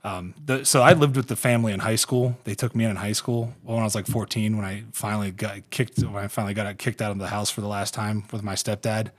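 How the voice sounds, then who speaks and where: A man's voice: fairly low pitch, steady tone, fast talker, hardly any pauses. A man in his thirties from Ohio, hosting a podcast and telling rambling, profane, laughing stories about his football career. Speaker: podcast host and former pro football player. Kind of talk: casual podcast storytelling.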